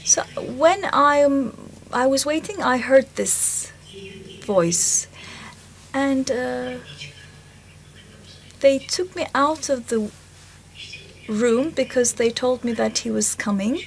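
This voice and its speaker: Slow high-voiced woman recounting a memory. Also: creaky, slight background noise. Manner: slow, halting storytelling with pauses. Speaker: symposium speaker. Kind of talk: first-person spiritual recollection. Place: concert hall.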